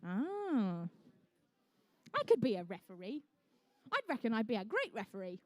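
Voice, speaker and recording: A woman's voice: a little high, wildly swooping pitch, normal speed, darkish tone, no room sound. A young woman emceeing a live competition, chatty and jokey with the teams as she calls the action. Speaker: event emcee and commentator. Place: indoor conference venue.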